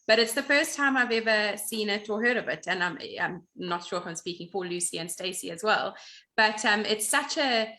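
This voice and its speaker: A woman's voice: mid-range voice, moderate pace, pushed and bright. A woman co-hosting, asking long, rambling questions with enthusiasm. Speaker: co-host.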